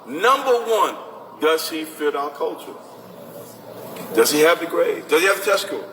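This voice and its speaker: Talking at normal speed in a slightly high voice, a man animatedly explains basketball recruiting to an audience of parents. He acts out coaches and parents and answers questions. The recording is distant and echoey, with some faint noise from the big hall.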